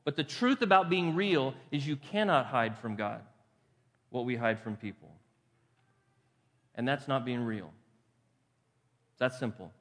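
A man's voice: mid-range voice, lively intonation, a little slow, pauses often, fairly bright tone. A pastor preaching a conversational sermon. He poses rhetorical questions to the congregation and repeats phrases for emphasis. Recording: long hall reverb.

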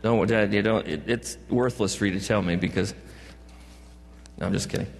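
Joking pastor preaching in an echoing hall. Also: male voice, on the low side, normal speed, vocal fry. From California. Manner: joking asides and playful put-on voices. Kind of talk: sermon. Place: church sanctuary. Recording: long church hall reverb.

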